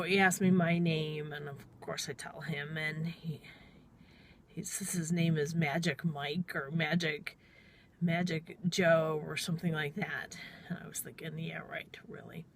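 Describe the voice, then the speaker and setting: A middle-aged woman tells an anecdote from her work as a taxi driver. Her voice sits a little low, and she talks in a chatty, meandering vlog style, often acting out her own replies. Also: slight background noise. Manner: chatty and rambling, quoting herself with "I'm all". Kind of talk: casual storytelling vlog.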